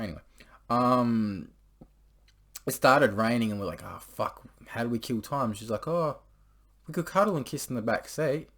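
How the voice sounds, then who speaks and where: A man's voice: lowish voice, a bit bright. A young man casually telling a story to camera, rambling and crude, full of swearing and filler words. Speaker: vlogger.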